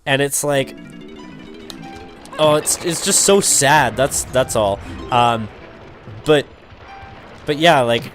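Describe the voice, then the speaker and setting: A man's voice: medium pitch, fairly bright tone. A young man from Canada giving rambling, casual commentary while playing a video game, filling his talk with "like" and the odd swear word. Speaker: let's play commentator. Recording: faint game music behind.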